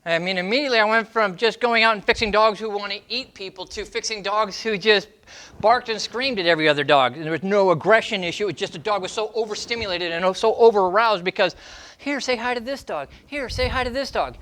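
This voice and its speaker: A dog trainer answers viewer questions in a fairly high, bright and forceful voice. He is emphatic and acts out training steps in short fragments. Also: fast. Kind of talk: Q&A advice segment.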